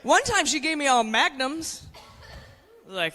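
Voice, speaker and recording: Brash forty-something woman comic, bright voice. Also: high-pitched, very animated, unhurried, long reverb tail. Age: 40s. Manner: brash, conspiratorial, addresses the crowd. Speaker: stand-up comedian. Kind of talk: stand-up comedy set.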